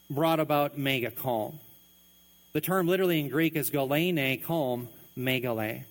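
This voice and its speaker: A man preaching a sermon in an earnest way, dropping his voice low on key phrases. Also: a bit bright, rough recording. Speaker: pastor.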